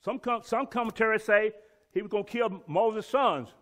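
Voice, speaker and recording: A man's voice: high-pitched, moderate pace, a bit bright. A man teaching a Bible lesson and reading scripture aloud, emphatic and repeating key words for stress.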